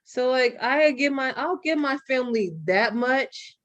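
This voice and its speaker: A young adult woman hosting a podcast, talking frankly and with some profanity in an animated, storytelling way. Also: sits high, a little slow, highs cut off. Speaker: podcast host. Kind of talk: candid podcast conversation.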